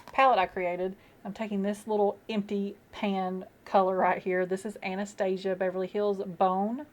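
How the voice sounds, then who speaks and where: A young woman vlogging casually as she does her makeup, chatty and rambling with many fillers, at home. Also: medium pitch. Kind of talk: casual get-ready-with-me chat.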